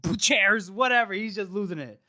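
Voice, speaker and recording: High-voiced man retelling a book. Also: a little fast, no room sound, studio quality. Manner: animated retelling with laughs. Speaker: podcast co-host. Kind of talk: casual book-discussion chat.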